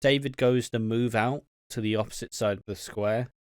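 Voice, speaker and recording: A man's voice: mid-range voice, fairly even intonation, moderate pace, clear, resonant tone, no echo, studio quality. A man co-hosting a podcast, casually recapping a soap episode, swearing, laughing and rambling. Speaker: podcast co-host. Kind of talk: casual crude podcast banter.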